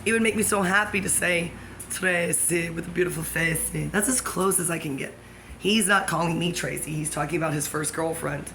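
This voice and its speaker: A woman talks straight to the camera in a loose, wandering monologue, stopping to correct herself and toss in jokes. Her voice has a gravelly fry to it. A clear layer of background noise sits under the recording. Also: fairly low pitch, a little fast, a bit bright. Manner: scattered, self-correcting, jokey asides. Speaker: vlogger.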